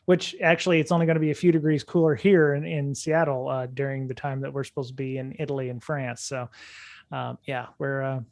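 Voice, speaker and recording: A man's voice: mid-range voice, steady tone, a little fast, creaky, dry recording. A man co-hosting a security podcast in casual chat, rambling with many fillers and restarts, speaking from a hotel room. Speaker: podcast co-host.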